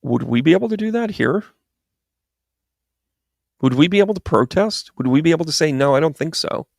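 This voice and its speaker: A man's voice: a little high, expressive, a little fast, vocal fry, no room sound, clean studio sound. A man giving a rambling, exasperated political commentary monologue with sarcastic asides. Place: New York.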